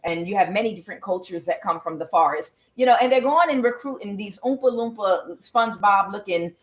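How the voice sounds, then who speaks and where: A woman's voice: medium pitch, brisk, rough recording. A woman giving a casual tarot reading, talking bluntly with profanity and drifting into rambling asides to her cat. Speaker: tarot reader.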